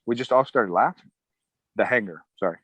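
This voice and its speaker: A man's voice: medium pitch, brisk, slightly rough, dry recording, poor audio. A middle-aged man, an Army veteran, telling his story casually in an interview, acting out other people's lines with a chuckle. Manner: relaxed, chuckling, acts out quotes of others.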